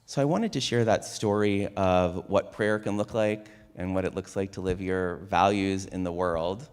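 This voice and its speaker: Low-voiced man telling a sermon story. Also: moderate pace, a little mellow, smooth. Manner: casual, with frequent "like" and restarts. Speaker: speaker at a Shabbat service. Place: synagogue sanctuary.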